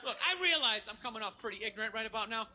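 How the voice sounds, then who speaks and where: A man doing stand-up comedy on stage, ranting in an exasperated way and yelling back at the crowd. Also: high voice, expressive, racing, a little hiss or hum. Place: stage of a live comedy special.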